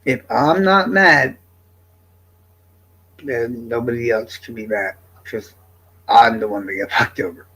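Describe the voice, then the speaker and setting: Gravelly, blunt live-streamer man. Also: medium pitch, takes it slowly, long pauses, pushed and bright, poor audio. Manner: blunt, exasperated, profane. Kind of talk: casual live-stream chat.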